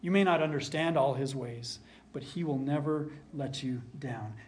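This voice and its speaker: A pastor preaches a sermon earnestly, repeating key lines for emphasis and sometimes dropping into a soft hush. His voice is mid-range and his pace moderate.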